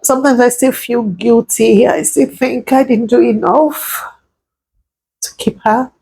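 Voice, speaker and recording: Tearful woman in her thirties, vlog confession; slow, husky, a low warm fry. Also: poor audio. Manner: slow, halting, grieving. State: tearful, crying at times. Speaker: vlogger sharing a personal story. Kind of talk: emotional personal storytelling.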